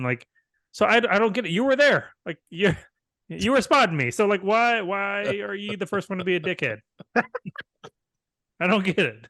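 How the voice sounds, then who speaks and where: A man co-hosting a comedy podcast, animated and exasperated, swearing freely as he tells stories. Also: high-pitched, moderate pace, no room sound. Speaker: podcast co-host.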